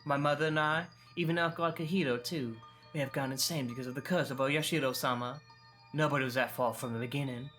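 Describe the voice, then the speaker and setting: A man's voice: mid-range voice, steady tone, quick pace, fairly bright tone, close to an everyday voice. A man voices a teenage girl lost in paranoid delusion, her words circling back on themselves over and over. She sounds pleading and obsessive, read in a middling register over faint game music. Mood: brooding. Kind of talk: reading a visual novel aloud.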